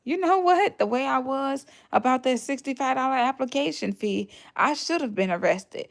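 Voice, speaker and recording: Chatty woman with a creaky voice. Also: high voice, animated, moderate pace, hardly any pauses. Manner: chatty, laughs often, greets viewers by name; retells conversations in put-on voices. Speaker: livestream host. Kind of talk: casual livestream chat.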